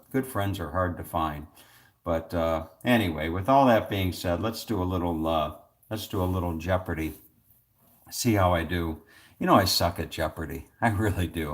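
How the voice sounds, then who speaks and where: A man chatting casually to camera, rambling and filling pauses with "you know" and "uh". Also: deep voice. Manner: chuckling storyteller. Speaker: vlogger.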